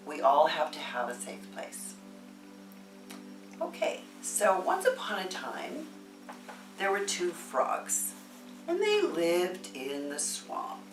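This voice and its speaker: A middle-aged woman teaches fellow therapists in a lowish, lively voice that swoops up and down, speaking slowly and warmly. The room is echoey and the mic sits a little far off, with faint music underneath. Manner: animated, playful storyteller. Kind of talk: storytelling lesson for therapists.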